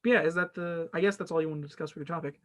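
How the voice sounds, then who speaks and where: A young man hosts a casual gaming podcast, rambling and restarting his sentences often. His voice sits a little high for a man. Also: fairly even intonation, rapid-fire, fairly bright tone. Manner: rambling, many restarts and fillers. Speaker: podcast host. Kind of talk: casual chat.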